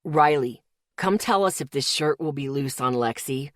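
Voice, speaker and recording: Woman voicing a sharp-voiced young man. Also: a bass voice, normal speed, no room sound, studio quality, pitched below the performer's own voice. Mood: commanding. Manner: hard, sharp.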